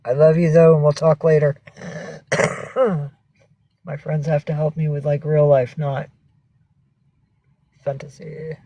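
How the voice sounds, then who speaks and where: A woman's voice: low-pitched, little pitch movement, slow, pauses often, dark tone, dry recording, poor audio. A woman hosting a casual livestream from home, rambling and swearing as she greets viewers and coaxes her cats. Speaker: livestream host.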